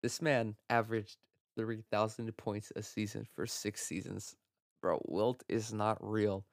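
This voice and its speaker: A young man hosting a solo sports podcast from home, talking in an excitable, profane rant and laughing at his own jokes. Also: on the low side, a little slow, dry recording, studio quality. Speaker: podcast host. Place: home room.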